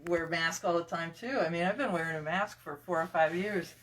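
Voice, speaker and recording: A man's voice: on the high side, brisk, fairly bright tone, distant mic. A man speaks through a face mask, so his words come out muffled. He rambles, restarts and scatters fillers as he talks. His voice sits a little away from the microphone. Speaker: collector and estate seller. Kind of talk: casual interview chat.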